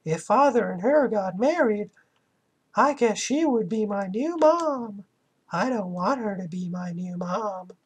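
A man voicing a timid young girl haunted by her family's secrets, in a squeaky falsetto as he reads game text aloud. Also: lively intonation, measured pace, slightly rough, exaggerated voice. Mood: sulky.

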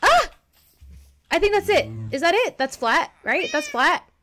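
Excitable high-voiced woman gamer. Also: a little slow. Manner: excitable, swears, laughs often. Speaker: streamer. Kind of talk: let's play commentary.

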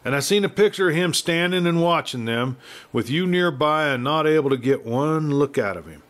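A feeble old cattleman speaks in a rustic western drawl, weary and pleading from his sickbed, as a storyteller reads him. His plain, ungrammatical talk comes out soft and frail. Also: fairly high pitch, lively intonation, moderate pace, pitched above the performer's own voice.

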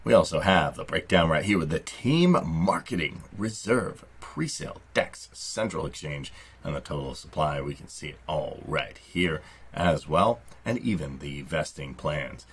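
A man's voice: very deep voice, expressive, measured pace, a little hiss or hum. A man hosting a crypto channel, delivering upbeat, salesy promotional narration.

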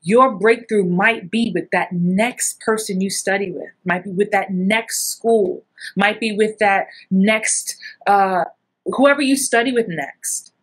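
Middle-aged woman, acting coach, lively chatty teaching voice that jumps high in acted-out bits. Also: slow pace, husky. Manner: animated, acts out little scenes with big jumps in pitch. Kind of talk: casual coaching talk.

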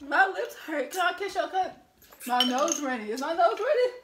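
A young woman filming a casual eating-challenge vlog, complaining loudly and laughing about the burning heat. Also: very high-pitched, lively intonation, moderate pace. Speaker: vlogger.

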